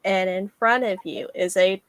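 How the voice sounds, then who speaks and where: A woman narrating a tabletop game as game master, giving calm rulings. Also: medium pitch, measured pace, noisy background.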